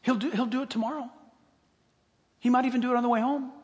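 Man, pastor, sermon, emphatic, rhetorical questions, high voice, echoing hall. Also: fairly even intonation, quick pace.

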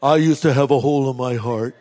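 A man voicing a talking pet dog who preaches, with a slow, earnest delivery in a reverberant hall. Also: medium pitch, dark tone, pitched below the performer's own voice, lightly acted.

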